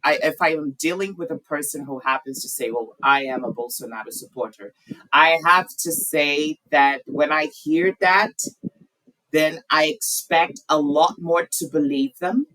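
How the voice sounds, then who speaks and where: A man's voice: on the high side, fairly even intonation, unhurried, bright, forceful tone, poor audio. A man teaching an English class, asking students questions and chatting frankly about his own views. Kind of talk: conversational class discussion.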